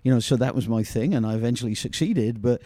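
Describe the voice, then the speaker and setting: Medium in pitch and dark in tone, the voice belongs to a middle-aged British man guesting on an interview. A former soccer player, he strings together long, rambling stories, filling each pause with "you know," and there's no room sound.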